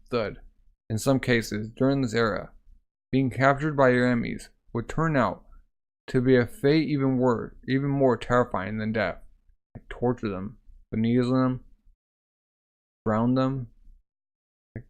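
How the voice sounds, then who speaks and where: Male reader, laid-back manga read-aloud, does the voices and the sound effects himself. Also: medium pitch. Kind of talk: reading a manga aloud with casual commentary.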